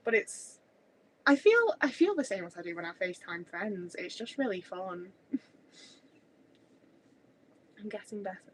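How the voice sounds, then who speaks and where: A woman's voice: medium pitch, animated, measured pace, long pauses, breathy edge, low-quality recording. A woman in her thirties with a mixed Midlands and Scouse accent, chatting casually on a livestream from home and rambling with many restarts. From Stoke, English Midlands. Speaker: livestream host. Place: home kitchen area. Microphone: webcam mic, moving away while cooking.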